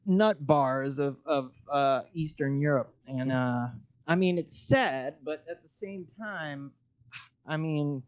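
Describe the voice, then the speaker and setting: A man's voice: on the high side, slow pace, no room sound. Wry, drawling male caller on a dull line. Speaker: call-in guest. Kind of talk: casual chat with wry banter. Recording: dull dry call audio.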